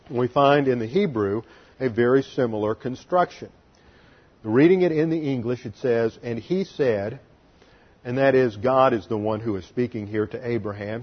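A man's voice: medium pitch, husky, lo-fi sound. A man teaching a sermon as pastor, explaining Hebrew grammar step by step and spelling out letters.

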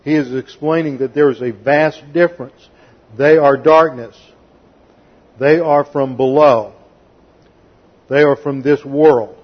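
Speaking a little slowly with frequent pauses, a pastor with a steady, mid-range voice preaches on dull-sounding audio. His expository sermon methodically covers Greek grammar and scripture read aloud, with the occasional sarcastically voiced quote.

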